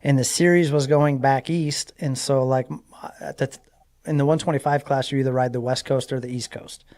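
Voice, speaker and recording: A Southern California man in his forties, appearing as a guest in a casual interview, tells a story animatedly. His medium-pitched voice moves briskly, packed with likes and you-knows as he acts out what people said.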